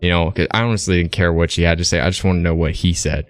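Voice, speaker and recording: A man's voice: low voice, steady tone, quick pace, dry recording, faint music behind. A man streaming, casually telling a rambling story with plenty of fillers and tag questions.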